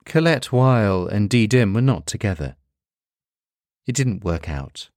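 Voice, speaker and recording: A man reading a literary story aloud in slow, measured scripted narration. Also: lowish voice, a little mellow, no echo, studio quality.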